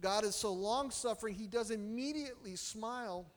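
A man preaching a sermon as pastor, telling personal stories and swinging from loud to hushed. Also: high-pitched, moderate pace, big-room sound.

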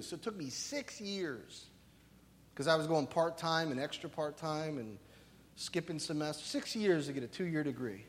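High-voiced pastor preaching in a hall. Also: male voice, moderate pace. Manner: animated, conversational, keeps asking "right?". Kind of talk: sermon. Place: church sanctuary. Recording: reverberant hall.

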